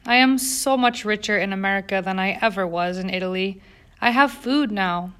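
A woman's voice: mid-range voice, normal speed, a bit bright, clear, resonant tone, natural voice. A woman doing a good-humored young immigrant girl. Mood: earnest.

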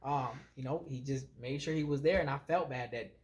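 A man of medium pitch keeps a brisk pace as he co-hosts a podcast. In loose, casual chat he tells stories animatedly, peppered with many fillers.

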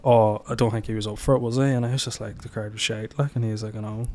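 A man's voice: on the low side, steady tone, fast, a little mellow. A young man, co-hosting a podcast in laid-back banter, leaning hard on "like" and swearing now and then. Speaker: podcast co-host. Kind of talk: casual chat.

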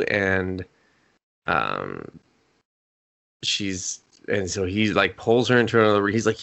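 Casual podcast co-host: man, lowish voice, rambling recaps, pops into high voices for characters. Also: expressive, moderate pace, a bit bright. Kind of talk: casual anime review chat.

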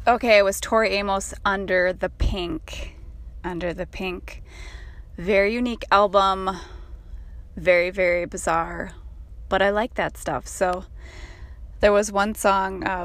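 Female podcast host, just woken up, raspy, rambling and chatty, mid-pitch. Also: fairly bright tone. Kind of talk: casual chat.

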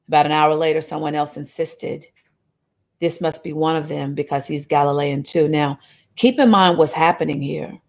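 A woman preaching a sermon, reading scripture aloud with animated, conversational asides to her listeners. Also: sits low, brisk.

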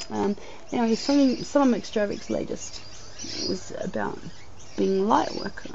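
A congested woman with a headache muses aloud and laughs in a casual podcast monologue, speaking in a mid-range voice at a measured pace. She's outdoors, sitting on the ground, and the recording is muffled with clearly audible background noise.

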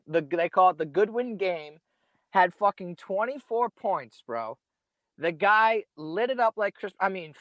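A young man spins a casual, rambling story, dropping slang and swear words as he goes. His voice sits a bit on the high side. The sound is dry and close, with no room around it. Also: dry recording. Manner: profane, rambling, laid-back slang. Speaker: podcast guest storyteller.

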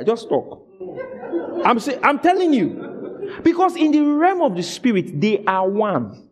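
A man preaching a sermon as a pastor, acting out dialogue in an animated way. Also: extremely high pitch.

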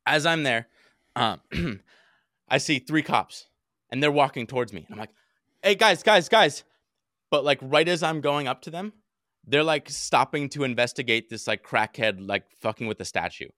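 A young man tells a story on a podcast with a bright, forceful voice, recorded close and dry. He talks in animated, casual chat and swears often. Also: medium pitch, normal speed, dry recording. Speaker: podcast co-host.

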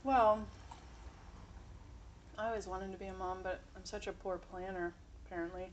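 A woman's voice: mid-range voice, steady tone, moderate pace, a little hiss or hum. Easygoing woman chatting while she eats. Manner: easygoing, supportive, chews while talking. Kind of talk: casual chat.

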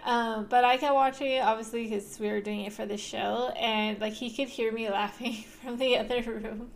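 A woman's voice: on the high side, steady tone, normal speed, creaky. A young woman co-hosting a podcast, chatting casually about a movie with frequent fillers and laughs. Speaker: podcast co-host. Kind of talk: casual chat.

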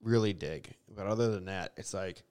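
A man co-hosting a music podcast speaks at a moderate pace in a low, darkish-toned voice. His casual chat rambles, full of fillers and swearing.

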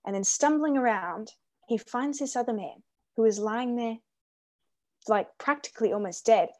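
Woman, higher pitch, soft dark tone, eager talker sharing a quote. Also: normal speed. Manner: enthusiastic, repeats words, reads a quote aloud. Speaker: Christian ministry guest or host. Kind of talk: casual conversation on faith.

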